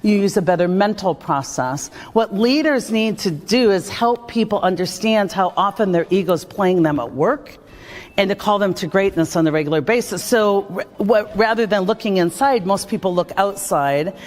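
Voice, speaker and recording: A woman speaking about leadership at a conference, energetic and acting out the voices of the people she quotes. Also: medium pitch. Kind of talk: conference talk and vlog.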